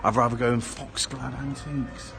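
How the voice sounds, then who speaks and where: Strolling outdoors through a small town, a vlogger rambles casually and keeps adding "eh?" to his remarks in tag-question style. His medium-pitched voice is gravelly and flat, at a normal pace, with music behind him.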